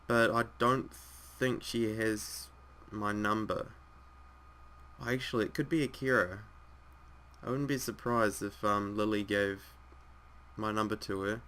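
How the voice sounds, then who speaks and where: A man's voice: fairly low pitch, clean tone. A man casually reading a visual novel aloud and chatting about it, rambling and self-mocking. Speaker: gaming video host. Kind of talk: casual let's-play commentary and reading. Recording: loud background music.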